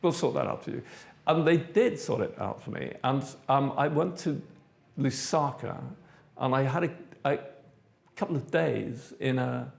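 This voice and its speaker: An older man from South Africa, an interviewee recounting his past in a measured, thoughtful way with frequent pauses. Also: mid-range voice, gravelly. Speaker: interviewee, theatre director. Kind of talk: reflective personal recollection.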